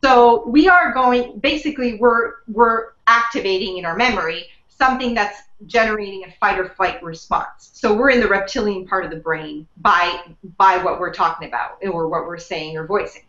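A woman's voice: medium pitch, moderate pace, fairly bright tone. A woman guest on a wellness show, explaining things conversationally, full of fillers and restarts. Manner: chatty, many fillers and restarts. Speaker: guest, emotional wellness coach. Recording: dull lo-fi sound in a roomy space.

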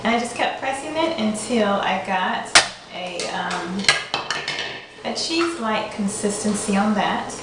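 A woman's voice: medium pitch, expressive, a little slow, very noisy. A woman hosting a home cooking demonstration in her kitchen, playfully putting on a mixed accent and laughing at herself. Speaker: cooking show host. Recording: echoey kitchen, mic far off.

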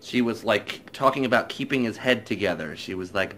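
A man's voice: on the low side, normal speed, pushed and bright, slight background noise. A man chatting casually through a spoiler-filled movie review, retelling scenes in a rambling way.

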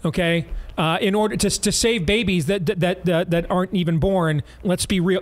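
High-voiced man hosting a talk show. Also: fairly even intonation. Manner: emphatic, rapid-fire, sarcastic riffs. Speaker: radio show host.

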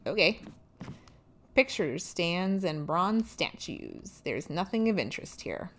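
A woman's voice: lowish voice, sing-song, slow pace, a bit bright, slight background noise. A young woman streaming a game, playful and swearing freely as she chats with viewers. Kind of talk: casual live gameplay commentary.

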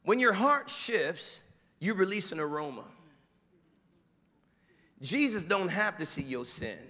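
A male pastor preaching a sermon in a church, animated, dropping to quiet asides and rising to shouted mimicry. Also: high voice, slow, in a large hall. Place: church sanctuary.

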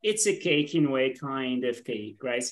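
A woman's voice: very deep voice, animated. Patient woman teaching English. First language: Arabic. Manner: patient, repeats words slowly, switches to Arabic to explain. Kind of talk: online class teaching. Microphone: video call.

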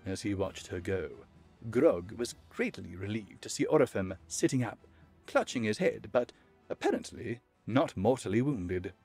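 A man narrating a fantasy audiobook in a measured, expressive storytelling manner. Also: fairly low pitch, breathy edge, faint music behind.

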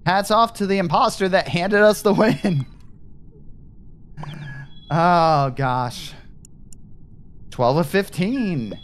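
A man's voice: sits high, slow pace, pauses often, a little hiss or hum. A man casually commenting on a party game with friends, rambling and thinking aloud as he plays. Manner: rambling, thinks aloud, trails off mid-thought. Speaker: gaming streamer.

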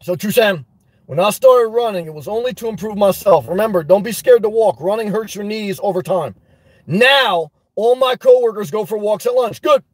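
A man hosting a live stream, reading chat and telling a story in a loud, animated way, swearing often. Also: sits high, normal speed, no echo. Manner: animated, loud, swears a lot, repeats himself. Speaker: livestream host reading chat. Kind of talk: casual livestream rant.

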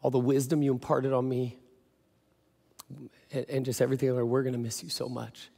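A pastor quietly voicing a grief-stricken grown son saying farewell at a casket, in a hushed, near-whispered tone. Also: male voice, medium pitch, little pitch movement, moderate pace, gravelly, pitched below the performer's own voice.

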